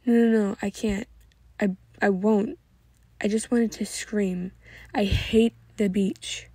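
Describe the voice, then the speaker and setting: A woman's voice: medium pitch, steady tone, slow, dark tone, slightly rough, no echo. A woman voicing an anxious teenage boy who pleads urgently with his friends.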